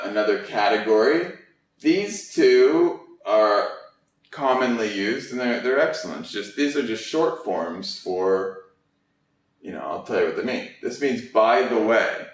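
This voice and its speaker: A man's voice: on the low side, a bit bright. Chatty man teaching in an echoey room. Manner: chatty, acts out quoted reactions. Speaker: English teacher. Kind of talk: casual explanatory lesson. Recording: echoey room, distant mic.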